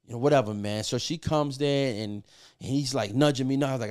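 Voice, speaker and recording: A man's voice: mid-range voice, fairly quick, a little mellow. Brief: middle-aged male producer, podcast guest, casual profane storyteller, lots of "you know" and restarts. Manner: profane, loose, filler-heavy with many restarts.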